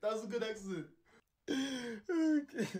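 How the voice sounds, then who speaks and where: A woman's voice: a little high, animated, slow, darkish tone. A woman trying out a mock-stern parent scolding, playful between takes.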